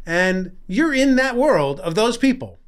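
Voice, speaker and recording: High-voiced man hosting, probing. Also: sing-song, unhurried, clear, resonant tone. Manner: probing, philosophical. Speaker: podcast host. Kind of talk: casual conversation.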